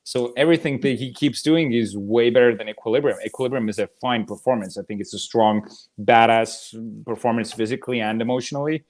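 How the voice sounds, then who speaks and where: A man from the United States co-hosting a movie debate show, speaking in an animated, casual way, swearing freely and laughing often. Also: mid-range voice, a little fast.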